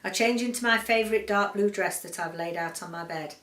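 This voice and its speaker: A woman book vlogger from the UK reading a short story aloud in a quiet, measured, subdued way. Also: medium pitch, distant mic. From United Kingdom. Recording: roomy echo, voice set back from the mic.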